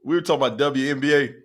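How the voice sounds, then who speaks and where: A man hosting his podcast, telling a casual comic story and jumping into other people's voices. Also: mid-range voice. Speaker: podcast host.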